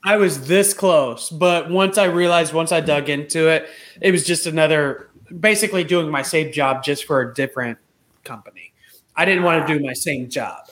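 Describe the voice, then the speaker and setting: A man's voice: on the high side, moderate pace, a bit bright. A man co-hosting a podcast, chatting casually and patiently explaining himself to his friends. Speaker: podcast co-host. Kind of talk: casual chat.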